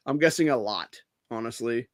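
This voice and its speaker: A man hosts his own show and rants at length, cursing at every turn and tossing in dude and bro as he rambles from one gripe to the next. His voice sits at a middle pitch. It is caught close and dry, with no room sound around it. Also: lively intonation, slow pace, no echo. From Ohio. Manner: swears constantly, rambling, says dude and bro. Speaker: podcast host. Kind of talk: profane rant and casual monologue.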